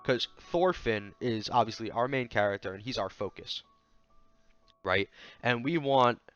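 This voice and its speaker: A man's voice: mid-range voice, unhurried, faint music behind. Casual male manga reviewer, muffled audio. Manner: loose, thinking aloud, fillers, quoting characters in lively voices. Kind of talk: casual commentary video.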